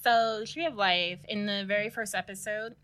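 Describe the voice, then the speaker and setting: A woman co-hosting a podcast in casual chat, animated and swearing freely as she acts out quotes. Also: mid-range voice, normal speed. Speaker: podcast co-host. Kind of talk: casual chat recapping a TV series.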